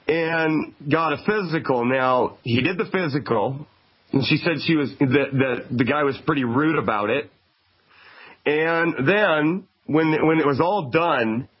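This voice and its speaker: A man from Canada hosting a call-in radio talk show, talking in a conversational, emphatic way. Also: a little high. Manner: conversational, emphatic, repeats phone numbers slowly. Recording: dull lo-fi radio broadcast.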